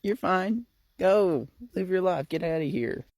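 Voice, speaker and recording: A man voicing a brisk, no-nonsense older woman who talks in a short, dismissive, shooing way. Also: high-pitched, darkish tone, no echo, pitched above the performer's own voice.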